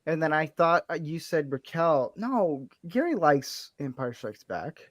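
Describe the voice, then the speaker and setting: A man's voice: fairly high pitch, lively intonation, measured pace, dry recording, muffled recording. A man chatting casually as a podcast host, rambling and laughing often, with a light Southern accent that drawls his R's. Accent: light Southern American. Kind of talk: casual chat.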